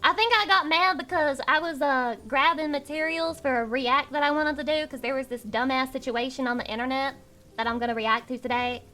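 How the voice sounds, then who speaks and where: A woman's voice: high-pitched, a little fast, pushed and bright, soft background music. A young woman streaming live, chatting with her viewers in a profane, teasing rant while underslept. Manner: profane, ranting, teasing chat. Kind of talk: casual livestream chat.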